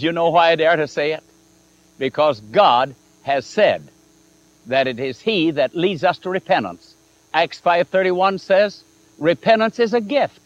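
A man's voice: on the high side, no echo. A man preaching a sermon, telling a story and acting out the dialogue with shifting emphasis. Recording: dull lo-fi archival recording with mains hum.

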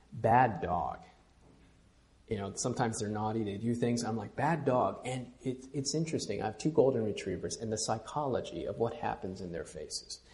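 A pastor with a mid-range voice preaches a sermon, moving between quiet, intimate asides and loud, emphatic lines, and leads the congregation in call-and-response as they repeat after him.

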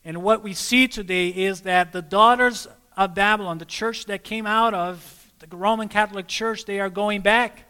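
A male preacher with a high, bright, forceful voice delivers a sermon. He keeps drawing his listeners in, asking them to supply the next word and calling them friends. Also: fairly even intonation, normal speed, few pauses, clear, resonant tone, in a large hall. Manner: prompts listeners to fill in words, calls them friends.

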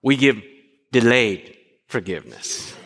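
Speaking slowly with a breathy edge to his mid-range voice, a pastor delivers an animated sermon. He quizzes his listeners and plays out brief exchanges, all in a room with long hall reverb.

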